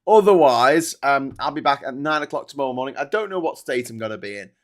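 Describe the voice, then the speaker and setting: A man hosting a casual live stream, chatty and prone to loud excited bursts. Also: mid-range voice, quick pace. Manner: energetic, loud bursts when hyping super chats. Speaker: livestream host.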